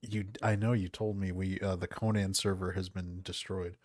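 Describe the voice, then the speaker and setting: A man hosting a casual podcast, talking in a soft, calm, low-key voice into a close microphone. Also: moderate pace, dry recording. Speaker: podcast host. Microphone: close studio mic.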